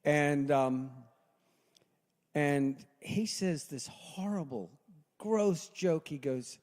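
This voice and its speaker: A man in his sixties doing a stand-up set at a live open mic, deadpan, dropping low and quiet for his punchlines. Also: extremely slow. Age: 60s. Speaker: stand-up comedian. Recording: long reverb in a hall.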